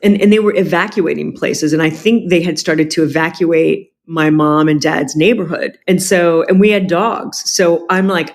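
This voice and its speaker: Candid woman telling a family story. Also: fairly low pitch. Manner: candid, animated, quick asides. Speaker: guest. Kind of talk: personal storytelling.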